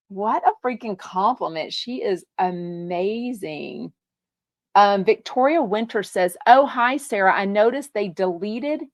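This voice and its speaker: A woman's voice: medium pitch, dry recording. A woman from Texas, hosting a live podcast, chatting casually and reading out viewer comments in a bubbly, gushing way with lots of fillers. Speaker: podcast host.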